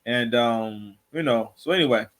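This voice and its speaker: A man's voice: medium pitch, moderate pace. A man hosting a casual reaction commentary show, rambling and repeating himself with constant filler phrases.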